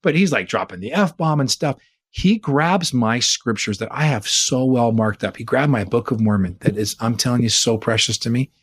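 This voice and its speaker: An earnest man from California's Bay Area recounts a story in a conversational interview. He talks in an animated way and keeps asking rhetorical questions. His mid-pitched voice sits dry and close on a podcast mic. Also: moderate pace, slightly rough, no echo. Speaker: interview guest, church leader.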